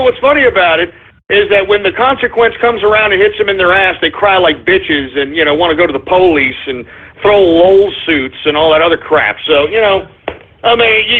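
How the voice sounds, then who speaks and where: A man's voice: high-pitched, breathy edge. Ranting man on a tinny phone line. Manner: ranting, emphatic, repeats "all right?". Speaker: radio show co-host. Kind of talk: call-in radio talk.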